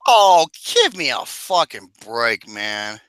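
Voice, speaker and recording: A man's voice: medium pitch, wildly swooping pitch, slow pace, a bit bright, dry recording. A man co-hosting a podcast in casual chat, rowdy, profane and teasing, on a close mic. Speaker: podcast co-host.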